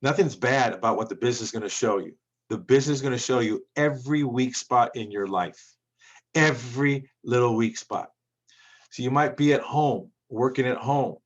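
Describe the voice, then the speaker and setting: A man's voice: medium pitch, normal speed, lo-fi sound. A man coaching on business credit in a rambling motivational monologue, full of restarts and repeats. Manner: rambling, repetitive, with many restarts.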